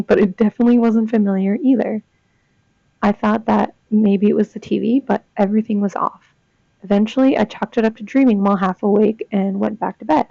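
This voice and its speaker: A young woman reads ghost stories aloud, chatting in between and reacting with gasps and comments. Her mid-range voice is creaky and dark in tone. The casual reading comes through as a dull, dry lo-fi recording.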